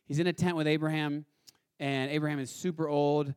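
A man delivers a sermon in a fairly high voice, retelling a Bible story in casual, animated fashion and slipping into the characters' voices. The sound is close and dry, with no room echo. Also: a little fast, clear, resonant tone. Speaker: pastor.

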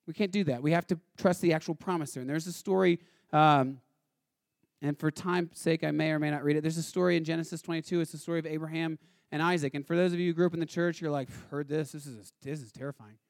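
A man delivers a sermon in a fairly high voice, retelling a Bible story in casual, animated fashion and slipping into the characters' voices. The sound is close and dry, with no room echo. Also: fast, vocal fry. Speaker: pastor.

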